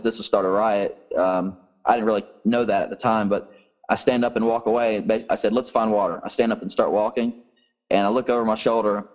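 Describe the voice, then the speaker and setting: Earnest man telling a story, lo-fi. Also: lowish voice. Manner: earnest, first-person testimony. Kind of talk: storytelling in an interview.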